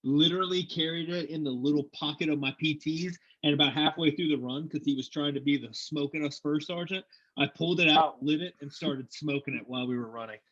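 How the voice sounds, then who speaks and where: A man's voice: on the high side, brisk, a bit bright. Joking man, slightly dull audio. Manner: joking, crude, laughs often. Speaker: podcast co-host. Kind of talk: casual chat.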